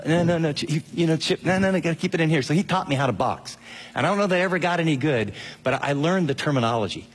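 A middle-aged man preaches a lively radio sermon and acts out quoted voices as he goes. His voice is husky and a little breathy. A long hall reverb trails his words. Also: medium pitch. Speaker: pastor.

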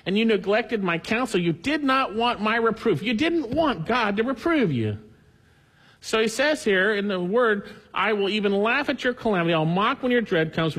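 A man's voice: sits high, fairly bright tone, slightly rough, long reverb tail. A man preaching a sermon, earnestly reading scripture aloud with emphasis. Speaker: pastor.

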